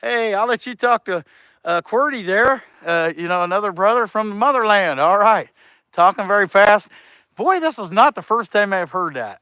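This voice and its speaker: A man's voice: sits high, animated, moderate pace, sharp tone, no echo, studio quality. A man hosting a chainsaw carving livestream, joking around and rambling as he reads viewer comments aloud. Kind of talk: casual livestream chat.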